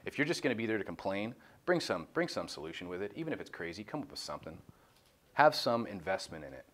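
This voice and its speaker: A man's voice: low voice, very animated, fast talker, fairly bright tone. A man leading a small group Bible study, casual and jokey, cutting in with blunt comments. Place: room with a small group, streamed live.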